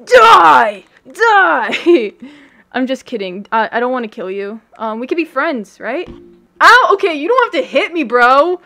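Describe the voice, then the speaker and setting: Excitable high-voiced woman streaming games. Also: moderate pace, soft background music. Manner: excitable, squeals and shrieks, giggly. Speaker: gaming streamer. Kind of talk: casual gaming livestream commentary.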